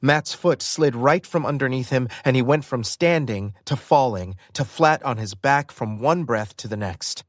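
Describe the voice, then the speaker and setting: A man reading a first-person audiobook in an expressive storytelling manner. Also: mid-range voice, moderate pace, hardly any pauses, dry recording, clean studio sound. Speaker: audiobook narrator.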